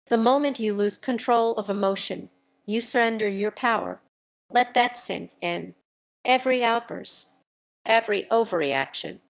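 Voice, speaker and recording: A woman reading a motivational self-help audiobook in a firm, emphatic way, with short punchy sentences. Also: mid-range voice. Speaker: audiobook narrator. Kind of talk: scripted motivational narration.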